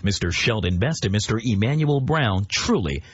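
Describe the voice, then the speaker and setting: A man's voice: on the low side, normal speed, few pauses, breathy edge, no room sound. A man hosting a radio show, interviewing guests and signing off with upbeat promotion. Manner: upbeat, promotional, lively delivery. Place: radio studio. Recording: dull lo-fi radio broadcast audio.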